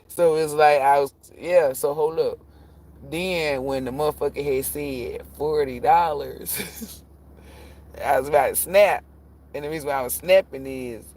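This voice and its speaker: Man, tarot reader, live-stream rant, fairly high voice, profane, rambling, loud bursts then muttering. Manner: profane, rambling, self-interrupting; animated, jumps between shouting and muttering.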